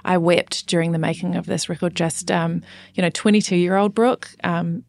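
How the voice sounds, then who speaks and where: Woman, late 30s, podcast guest; gravelly, lowish voice, earnest and halting, dry booth sound. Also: fairly even intonation, darkish tone, no echo. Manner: earnest, halting, many fillers and restarts. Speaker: guest, worship songwriter. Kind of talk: casual interview chat.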